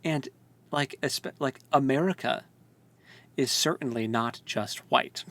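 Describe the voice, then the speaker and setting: A man's voice: medium pitch, slow. Chatty, laughing man podcast co-host. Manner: animated, laughing, filler-heavy. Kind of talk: casual podcast discussion.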